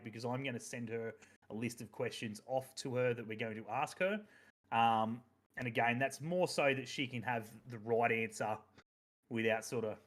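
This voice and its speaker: A man's voice: mid-range voice, a bit bright. A man hosting a podcast in casual, rambling chat, swearing freely and using many fillers. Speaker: podcast host.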